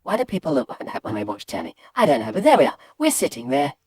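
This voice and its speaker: A woman animatedly telling a comic childhood story, shifting from hushed asides to loud excited bits. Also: a bass voice, fast talker, husky, no echo, clean studio sound. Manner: lively, swings between hushed and loud bits.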